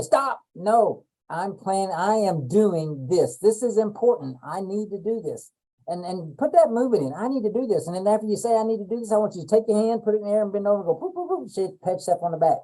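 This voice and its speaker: A man's voice: on the high side, warm tone, rough recording. A man giving a folksy motivational talk as a brain coach on a video call, repeating points and dropping in playful asides.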